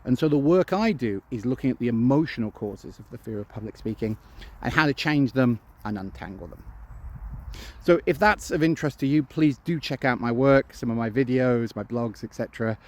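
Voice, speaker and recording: Man, phobia specialist, relaxed talk to camera, plays out worried inner voices. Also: mid-range voice, brisk, highs cut off. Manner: acts out anxious inner voices.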